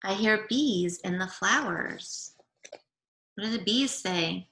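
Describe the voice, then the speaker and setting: A woman teacher reading a picture book aloud to young children over a video call, gently asking them questions as she goes. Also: mid-range voice, slow, a little hiss or hum. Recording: echoey room.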